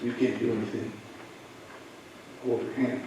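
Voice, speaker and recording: Male police officer, mid-pitched, halting and emotional storyteller, picked up from across a big echoey room. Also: little pitch movement, far from the mic, background noise. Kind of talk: personal story told to students.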